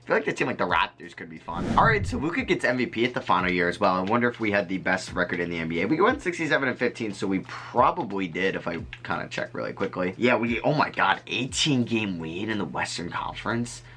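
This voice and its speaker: A man giving casual, chatty gameplay commentary to his viewers, rambling and easily excited. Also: fairly low pitch, fast, few pauses. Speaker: gaming video creator.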